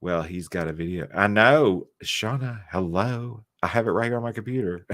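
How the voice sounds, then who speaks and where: A man hosts a loose, chatty livestream, teasing his viewers and joking back at their comments. His voice sits on the low side and the sound is dry and close, with a loose, tipsy edge from wine. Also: brisk, few pauses, fairly bright tone, dry recording. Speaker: livestream host. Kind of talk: casual livestream chat with viewers.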